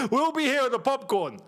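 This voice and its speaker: A man hosting a live football watchalong, chatty and rambling, with excitable bursts at the match action. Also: high-pitched. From England. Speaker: football channel host.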